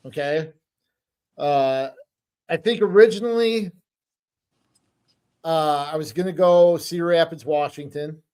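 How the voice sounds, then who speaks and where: A man's voice: fairly high pitch, unhurried, long pauses, warm tone, clear, resonant tone. A middle-aged man co-hosting a podcast, telling stories in a rambling, hesitant casual chat. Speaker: podcast co-host.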